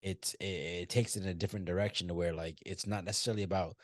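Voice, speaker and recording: A man's voice: low voice, fairly even intonation, fast talker, dry recording, clean studio sound. A man co-hosting a movie podcast, talking loosely and profanely, teasing his co-host. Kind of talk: casual chat.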